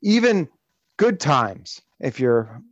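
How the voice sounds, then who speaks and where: A man's voice: medium pitch, slow pace, no room sound. Man ranting animatedly, dry dull sound. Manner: animated ranting, profane, frequent restarts. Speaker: podcast host. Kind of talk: casual chat.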